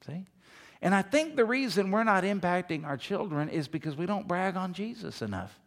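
50s pastor guy preaching, pretty high voice, lots of right? and see?. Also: sing-song, normal speed. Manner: emphatic, rhetorical questions. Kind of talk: sermon.

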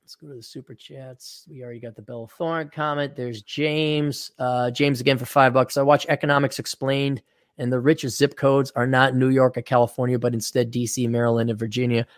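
A man's voice: medium pitch, flat delivery, fairly quick, no room sound, clean studio sound. A man co-hosting a casual talk show, reading out donations and giving blunt, sarcastic opinions. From Wisconsin. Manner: blunt, sarcastic, acts out mocking quotes. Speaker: podcast co-host.

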